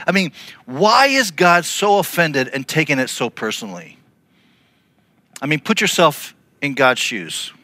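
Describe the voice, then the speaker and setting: A man delivers a sermon in a high, bright voice, telling a story and slipping into the voices of the people he quotes. The sound is dry and close. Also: dry recording. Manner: storytelling, acting out quotes with shifting pitch. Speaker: pastor.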